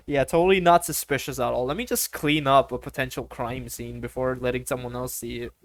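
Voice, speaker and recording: A woman's voice: very deep voice, fairly even intonation, moderate pace, no echo. A woman streamer playing a story game, reading dialogue aloud with joking asides. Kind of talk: playthrough with read-aloud dialogue.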